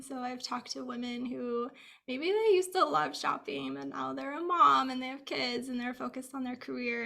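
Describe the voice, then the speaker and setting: Bright, gravelly high-voiced woman stylist. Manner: chatty, upbeat, many "like" fillers. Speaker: capsule wardrobe stylist, guest. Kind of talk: casual interview answers. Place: Bay Area, US.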